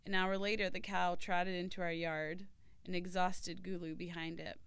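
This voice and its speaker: A woman's voice: on the low side, flat delivery, moderate pace, smooth, dry recording. A young woman narrating a personal story in an earnest, scripted way. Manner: earnest storytelling, shouting the quoted cries. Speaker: former volunteer telling a story. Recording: narration over loud music.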